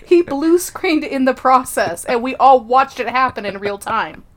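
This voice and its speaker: Woman guest, high and very lively voice, teasing casual chat. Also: measured pace. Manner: teasing, animated storytelling. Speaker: returning podcast guest.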